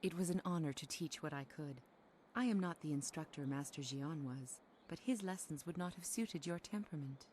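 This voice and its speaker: Woman voicing a martial arts mistress, calm, instructive, low pitch, faint background hiss, game dialogue. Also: lightly acted. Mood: serene. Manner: serene, measured and instructive.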